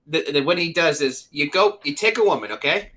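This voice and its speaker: Male podcast co-host, lively bright voice, rambling loud storyteller. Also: a little high, brisk. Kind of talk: crude comedic banter.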